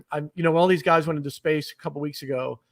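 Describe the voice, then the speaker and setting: Male podcast host, high voice, eager and rambling, a touch off-mic. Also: fast talker, creaky, recorded from a distance. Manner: enthusiastic, rambling, repeats himself. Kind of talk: casual interview chat.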